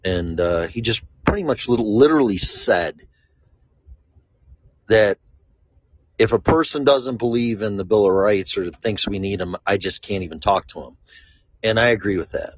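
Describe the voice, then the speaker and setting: A man from Chicago with a fairly low voice rambles through a casual monologue, blunt and quick to swear. The recording is dull and lo-fi, and the sound is dry with no room echo. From Chicago, USA. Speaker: vlogger.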